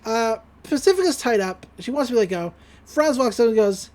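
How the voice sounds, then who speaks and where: A woman podcast host recaps an episode in a relaxed, chatty way, full of fillers. Her voice sits fairly high and bounces lively up and down. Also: brisk.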